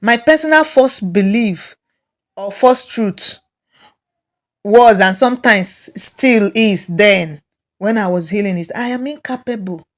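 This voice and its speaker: A woman with a Nigerian English accent giving a slow, repetitive self-help lesson, coaching listeners through their feelings. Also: mid-range voice.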